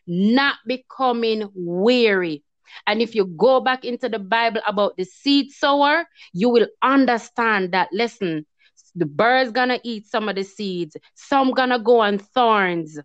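A woman's voice: a little high, a little slow, no room sound. A woman tells a personal testimony in casual talk, acting out her own past words with feeling. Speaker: guest telling her story. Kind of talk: emotional testimony in casual chat. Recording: dull, lo-fi sound.

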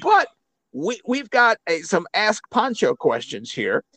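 A man's voice: high voice, huge pitch swings, a little slow, fairly bright tone, no echo. A middle-aged man from Arkansas, co-hosting a radio show, telling a story in a chatty, casual way. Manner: chatty storyteller, slips into put-on British voices. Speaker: radio co-host. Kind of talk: casual chat.

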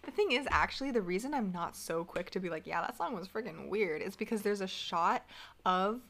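A young woman co-hosting a casual recap podcast, sarcastic and animated, acting out quoted lines. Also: medium pitch, fairly quick. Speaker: podcast co-host.

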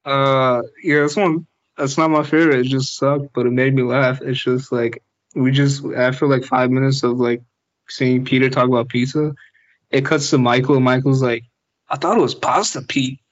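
A young man rambles casually through a podcast recap, leaning on filler words and slipping into mocking impressions. His voice sits in an ordinary middle pitch. The audio is slightly dull and lo-fi. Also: level tone, normal speed, no echo. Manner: rambling, filler-heavy, mimics people mockingly. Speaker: podcast co-host. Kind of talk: casual chat recapping a reality show.

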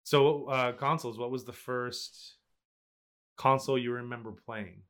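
A middle-aged man hosting a podcast in a relaxed, casual chat. His voice is bright and a little tense, and he swears freely while firing off quick agreements. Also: mid-range voice, clean tone. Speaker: podcast host.

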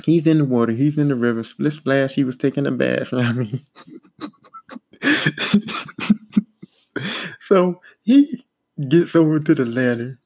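Animated storytelling man, mellow voice. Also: mid-range voice, moderate pace. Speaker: podcast host telling work stories. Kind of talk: casual spoken anecdote.

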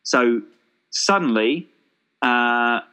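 A man's voice: mid-range voice, very slow, pushed and bright, clean tone, poor audio. Chatty man riffing on film ideas. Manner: enthusiastic, jokey, thinks aloud with fillers. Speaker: podcast co-host. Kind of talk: casual chat, pitching a made-up film.

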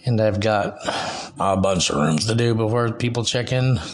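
A man's voice: lowish voice, lively intonation, normal speed. A man hosting a loose solo podcast, talking in a rambling, profane way and laughing between thoughts. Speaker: podcast host.

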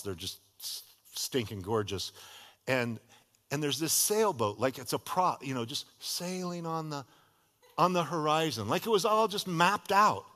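A middle-aged pastor shares a personal story from the pulpit of a church sanctuary, sounding relaxed and conversational as he brings the dialogue vividly to life. His mid-range voice has a big-room sound.

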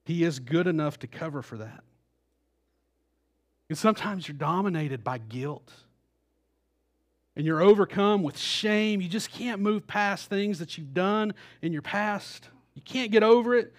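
A male pastor preaching a sermon, acting out the quoted voices with rising intensity. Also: high-pitched.

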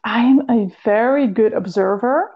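A woman's voice: fairly high pitch, unhurried, husky, narrow, tinny audio. A woman with a Dutch accent, a health and fitness coach, speaking earnestly in a podcast interview and now and then searching for an English word.

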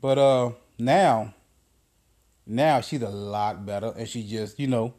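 A man hosting a podcast, telling stories in a casual monologue, profane and excitable, full of slang. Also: medium pitch, moderate pace. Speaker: podcast host.

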